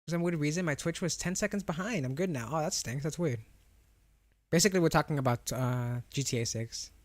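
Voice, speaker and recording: A man's voice: fairly high pitch, a little fast, dry recording. Young guy streaming, slight lisp on r's and w's, rambly chatter, dry close sound. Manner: chatty, rambling, answers chat with frequent restarts and laughs. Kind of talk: casual live-stream chat.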